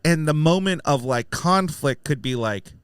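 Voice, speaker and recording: Guy cohosting a movie podcast, super expressive, does little mocking voices, dry close mic. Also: on the high side, moderate pace, smooth, no room sound. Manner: animated, acts out lines in mocking voices. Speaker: podcast co-host. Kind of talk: casual film review chat.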